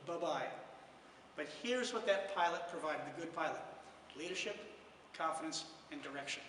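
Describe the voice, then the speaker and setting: Middle-aged male keynote speaker, a joking storyteller with a bright voice, miked from far off. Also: high voice, slight background noise. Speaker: financial services conference speaker. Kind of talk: conference talk. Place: large conference hall. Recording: echoey hall, from far off.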